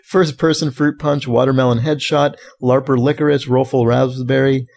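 A man's voice: fairly high pitch, steady tone, moderate pace, gravelly, a little mellow. A man hosting a casual podcast, reading listener submissions aloud with frequent laughter. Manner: amused, reads names aloud, laughs often.

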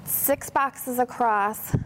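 Woman organizer chatting away, animated storyteller, a bit of faint hiss behind. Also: a little high, very slow. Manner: animated, acts out dialogue in a brighter voice. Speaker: professional organizer. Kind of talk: casual interview storytelling.

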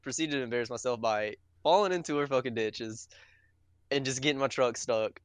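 A man's voice: mid-range voice, brisk, clean tone, no echo. A young man telling a rambling, profanity-laced story to friends, laughing as he goes. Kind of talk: casual storytelling among friends.

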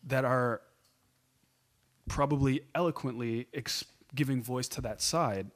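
A man's voice: mid-range voice, measured pace. Guy w a regular mid voice, laid back, laughs a lot, forgets names. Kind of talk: casual conversation.

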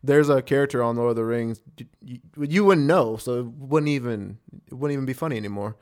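A man's voice: medium pitch, a little fast, darkish tone. A young man, co-hosting a podcast in casual chat, laid-back, laughing often and swearing casually. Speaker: podcast co-host.

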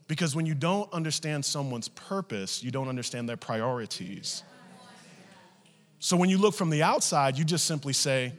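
Animated preacher in a reverberant church. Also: male voice, fairly high pitch, moderate pace. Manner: animated, acts out family members' voices. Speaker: pastor. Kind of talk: storytelling sermon.

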